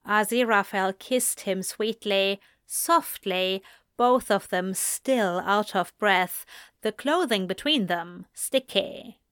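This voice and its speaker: A woman narrating a story in a slow, measured reading voice. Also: medium pitch, a bit bright, clean tone, dry recording, clean studio sound. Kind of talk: scripted narration of fan fiction.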